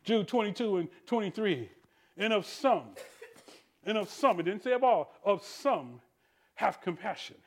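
A male pastor preaching a sermon in church, calling out to the congregation and swinging between hushed tender asides and shouted refrains. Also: high-pitched, very animated, measured pace. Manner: preaching with call-and-response, rising to shouts; drops to soft tender voice for quoted lines.

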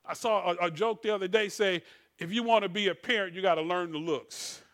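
A middle-aged man, preaching a sermon in call-and-response style, swinging between loud declarations and soft, murmured passages. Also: high voice, brisk. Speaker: pastor.

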